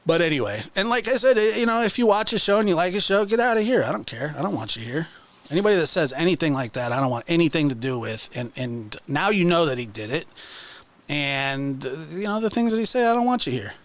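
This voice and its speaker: A man's voice: on the high side, lively intonation, quick pace. A man hosting his own channel, ranting casually in a mocking, exasperated way with many restarts. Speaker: channel host. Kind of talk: casual livestream rant.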